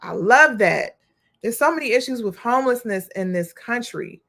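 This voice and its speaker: A young adult woman, a nonprofit coach, hosts a livestream and addresses her viewers as "y'all" in a spirited, preachy manner. Her voice is on the high side, animated and fairly bright, at a moderate pace. She reads viewer comments aloud and cheers them on.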